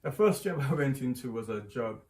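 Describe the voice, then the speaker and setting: A man's voice: mid-range voice, animated, brisk, darkish tone, echoey room. A middle-aged man, the host's father, teasing, repeating himself and talking over the host in a casual chat. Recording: noisy background.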